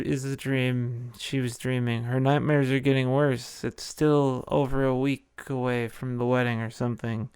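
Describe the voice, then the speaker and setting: A man's voice: on the high side, vocal fry, a little mellow, clean tone, no echo, studio quality. A man hosting a podcast, giving a playful, jokey casual recap of a film. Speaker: podcast host.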